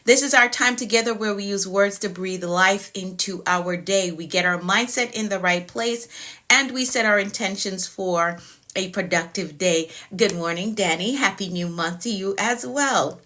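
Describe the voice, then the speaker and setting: A woman who works as a productivity coach, hosting a casual live stream and warmly greeting her viewers by name over and over. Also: medium pitch, moderate pace. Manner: upbeat, welcoming, repeats greetings to viewers by name.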